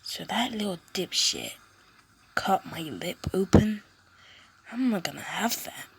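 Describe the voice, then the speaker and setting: A woman's voice: medium pitch, sing-song, a little slow, creaky, breathy edge, pitched above the performer's own voice, exaggerated voice. A woman voicing an aggressive teenage bully boy with a taunting, sneering manner.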